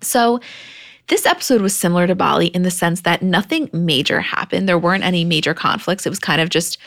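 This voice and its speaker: A woman's voice: fairly low pitch, brisk. A young adult woman co-hosting a podcast, chatting casually and animatedly about a reality show. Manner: animated, quotes others in a raised playful voice. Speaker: podcast co-host.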